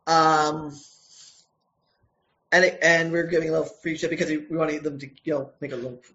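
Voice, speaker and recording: A male comic creator answering interview questions casually, often pausing and restarting his sentences. His voice sits a little higher than most men's. The sound is slightly dull and lo-fi. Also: level tone, sharp tone. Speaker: comic book writer and co-creator.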